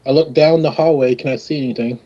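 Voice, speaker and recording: A man playing a character in a tabletop game, talking in a hesitant, halting way. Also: mid-range voice, steady tone, dark tone, dull audio. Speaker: player. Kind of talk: casual tabletop game chat.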